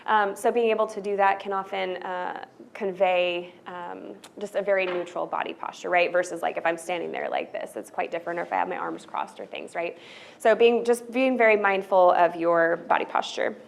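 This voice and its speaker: A woman's voice: on the low side, fairly even intonation, moderate pace, creaky. A woman presenting a training workshop to college staff, speaking in a loose, conversational way and often checking in with "right?". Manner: loose, filler-heavy delivery with restarts.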